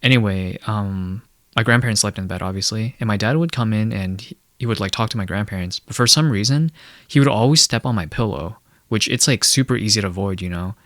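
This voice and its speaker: A young man with a lowish voice rambles through a casual rant, full of fillers and blunt, sardonic asides. The sound is dry and close to the mic, with no room around it. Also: a little fast, fairly bright tone, no echo. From Asia. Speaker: commentary video host.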